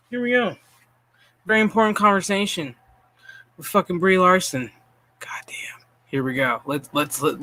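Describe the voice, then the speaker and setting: A man's voice: a little high, sharp tone, no room sound. A man hosting a stream, ranting in casual, profanity-heavy commentary with a sarcastic, exasperated manner and frequent stammered restarts. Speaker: streamer host.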